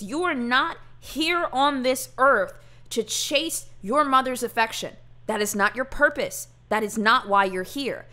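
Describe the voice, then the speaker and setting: A woman's voice: high-pitched, pushed and bright. A woman streamer reacting bluntly to a true crime interview, swearing and arguing with chat. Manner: blunt, profane, incredulous. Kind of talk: casual reaction commentary.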